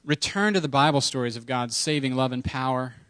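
A man's voice: mid-range voice, fairly quick, a bit bright, clear, resonant tone, no echo. A man preaching a sermon in a conversational, humorous way, with playful asides and emphatic repetition. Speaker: pastor.

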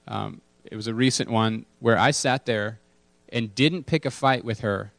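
A man's voice: on the low side, a little slow, gravelly, fairly bright tone, dry recording. A man preaching a casual sermon to his congregation, candid and self-deprecating, repeating key words for emphasis. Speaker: pastor.

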